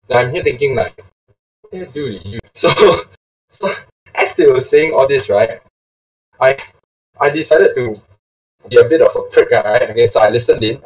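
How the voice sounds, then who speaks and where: Hosting a laid-back storytime podcast, a young man speaks in a slightly mellow mid-range voice. He laughs a lot, curses casually and uses Singlish particles, and the distant mic captures a dry recording.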